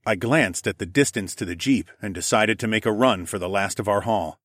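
A man reads a first-person audiobook in a steady, even storytelling manner. His voice sits on the low side, recorded close and completely dry. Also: a little fast, no room sound. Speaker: narrator.

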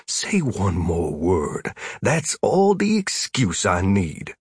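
A man's voice: deep voice, huge pitch swings, slow, slightly rough, no room sound, studio quality, full character voice. A man voicing a weary, put-upon adult male wizard who grumbles in a sardonic way. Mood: grumbling.

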